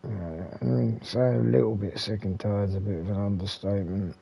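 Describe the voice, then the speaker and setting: A man's voice: lowish voice, steady tone, a little fast, vocal fry, breathy edge, muffled recording. A man with an English accent, hosting a retro gaming channel, rambling casually with mild swearing and lots of fillers and restarts.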